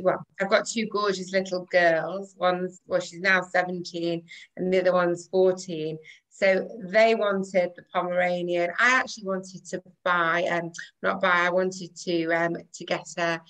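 A woman's voice: fairly low pitch, a bit bright, recorded from a distance, rough recording. An English woman guest chatting on a video call, bubbly and jokey. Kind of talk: casual chat.

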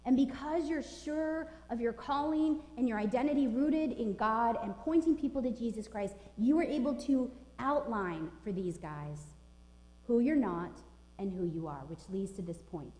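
Her fairly high, dark-toned voice echoing through a roomy sanctuary, a woman pastor in her forties preaches with emphatic, informal conviction. She keeps a moderate pace, and the reverb lingers long.

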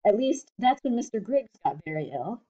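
A woman's voice: medium pitch, very animated, moderate pace, mellow, close to an everyday voice. A woman reading the part of a poor young boy who speaks nervously and politely, often stammering. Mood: earnest. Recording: slightly dull lo-fi recording.

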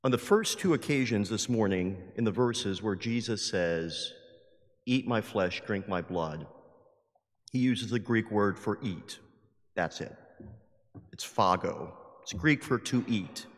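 A man's voice: fairly low pitch, slow pace. Emphatic preacher man in a reverberant church. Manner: lively, emphatic, acts out quoted voices. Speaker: priest. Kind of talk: sermon. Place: large church. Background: long hall reverb.

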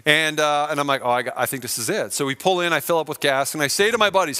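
Bright-voiced storytelling pastor. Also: male voice, a little high, quick pace, clear, resonant tone. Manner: storytelling, acts out friends' lines with big swings in loudness. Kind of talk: sermon.

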